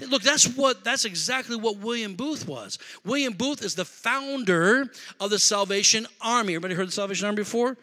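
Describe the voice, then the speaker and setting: High bright-voiced preaching man. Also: expressive, a little fast. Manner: preacherly call-and-response, shouting and dropping to conversational asides. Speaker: pastor. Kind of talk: sermon.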